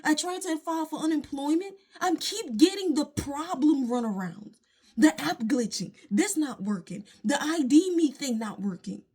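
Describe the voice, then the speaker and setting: High-voiced woman venting in frustration. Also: animated, normal speed, darkish tone. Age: late 20s. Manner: frustrated, emphatic ranting with religious asides. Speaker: vlogger. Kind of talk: venting straight to camera. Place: at home, indoors.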